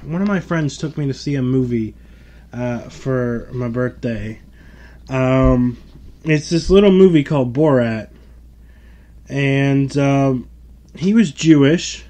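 A man's voice: a little high, slow pace, long pauses, a little mellow. A man hosting a podcast who recounts stories in casual chat, hesitant and full of fillers. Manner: hesitant, filler-heavy, laughing. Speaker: podcast host.

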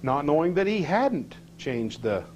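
A man's voice: a little high, big pitch swings, unhurried, dull audio, noisy background. A man teaching a scripture class, questioning his listeners and reading verses aloud with rising emphasis.

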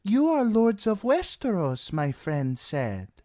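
A high, coy young girl from a storybook reading, sweet on the surface and sly underneath, her phrases swinging up and down, as a male narrator puts her on. The read is close and dry. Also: huge pitch swings, slow pace, mellow, no echo, full character voice.

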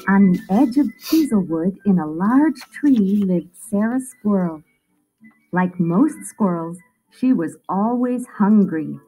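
A woman narrating a children's picture book aloud with expressive storytelling. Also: mid-range voice, slow, slightly rough, soft background music, rough recording.

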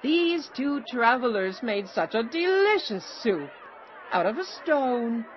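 A woman voicing a delighted village woman in an animated storybook, gushing in a high voice. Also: unhurried, a faint crowd. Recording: slightly dull recording, faint noise.

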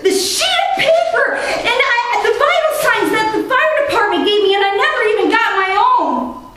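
A woman performing a dramatic first-person story at an open mic, intense and swinging between urgent and hushed. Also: very high-pitched, slight background noise. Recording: very echoey room, mic far off.

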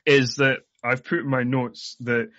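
A man's voice: mid-range voice, little pitch movement, a little slow, fairly bright tone, no echo, highs cut off. A man co-hosting a movie podcast, joking wryly about the plot, stumbling over fillers. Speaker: podcast co-host. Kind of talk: casual movie recap chat.

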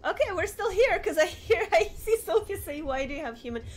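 A young woman streaming a game and chatting with viewers, who shrieks and yells at the game and then apologizes. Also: extremely high pitch, very animated, fairly quick. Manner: chatty, greets viewers by name. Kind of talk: casual live-stream game commentary. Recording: noisy home stream recording.

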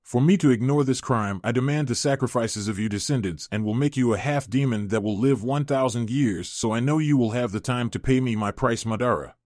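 A man's voice: medium pitch, a little fast, hardly any pauses, a little mellow, no echo, clean studio sound, lightly acted. A man voicing an ancient, scheming male fox demon who speaks in a lofty, solemn way.

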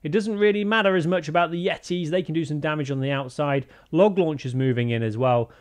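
A man's voice: a little high, fairly quick, clean tone. A man giving casual, jokey commentary over a strategy game, rambling into silly asides. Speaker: gaming YouTuber.

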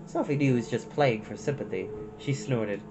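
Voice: mid-range voice, normal speed, low-quality recording. Chatty storyteller reading aloud. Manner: chatty, folksy asides to listeners. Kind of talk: chapter book read-aloud with asides.

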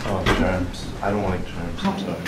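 Teen boy as a bumbling teen dad, low voice, awkward hesitant boasting, far-off mic, echoey noisy room. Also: level tone, normal speed, natural voice. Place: school room.

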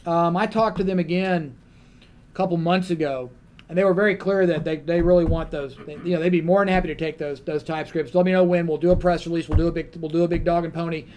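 High-voiced man telling a lively story. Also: fast talker, slight background noise. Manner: lively storyteller, acts out others in quotes. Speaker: panelist. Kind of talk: storytelling anecdote on a convention panel.

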